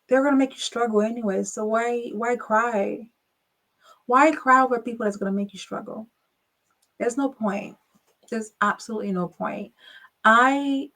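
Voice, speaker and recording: A young adult woman hosting her channel, telling a casual story with emphatic rhetorical questions. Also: mid-range voice. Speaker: channel host.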